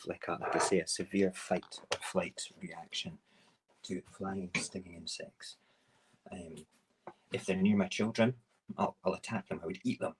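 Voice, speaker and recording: A man's voice: deep voice, husky, rough recording. A middle-aged man hosting a casual morning stream while cooking in his home kitchen, rambling and self-mocking. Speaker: morning show host.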